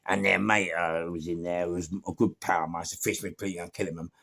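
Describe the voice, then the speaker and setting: A man with a London accent telling a story in a casual, animated way, swearing freely and throwing in sound words and laughs. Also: deep voice, fast, creaky. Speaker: former gangster telling his story.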